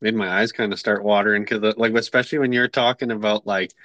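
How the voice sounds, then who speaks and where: A man hosting a podcast, talking earnestly and haltingly in casual chat. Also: fairly low pitch, fairly even intonation, fairly bright tone, no echo. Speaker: podcast host. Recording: dry, dull lo-fi audio.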